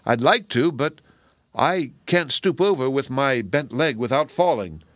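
A man's voice: medium pitch, expressive, measured pace, dry recording, voice pushed up, lightly acted. A man voicing a plain, apologetic tin soldier captain in a storybook reading.

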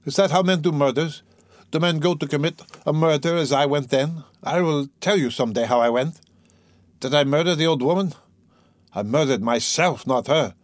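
A man's voice: on the high side, no echo, pitched above the performer's own voice, natural voice. A man reading aloud, voicing a tormented young man who speaks bitterly and defiantly. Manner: brooding, bitter, bursting into agitated outcries. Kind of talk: audiobook reading.

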